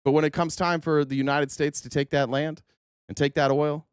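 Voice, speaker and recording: A man's voice: a little high, level tone, normal speed, smooth, dry recording, studio quality. Angry, profane male political commentator. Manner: choked up at times. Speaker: podcast host.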